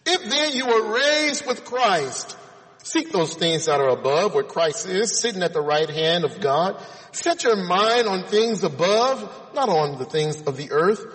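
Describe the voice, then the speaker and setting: Man, preacher, sermon, high lively voice, echoing hall. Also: a little slow. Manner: reads scripture then explains it, addressing listeners as friends.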